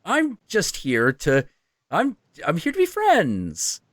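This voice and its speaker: A man voicing a sly, smug devilish male spirit with a slow, mocking delivery. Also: on the high side, huge pitch swings, a bit bright, no echo, studio quality, voice pushed up, exaggerated voice. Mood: coaxing.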